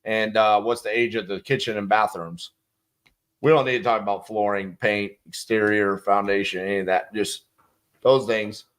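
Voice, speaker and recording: A man with a slightly high, somewhat bright voice coaches sales, bluntly and emphatically breaking down a calling script with some profanity. In this instructional commentary he acts out both sides of the phone calls.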